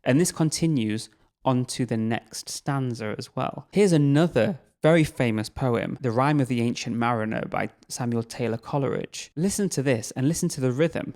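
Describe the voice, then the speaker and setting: A man's voice: mid-range voice, moderate pace, a little mellow. A man teaching a recorded poetry lesson, explaining patiently and a little tentatively. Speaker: literature teacher.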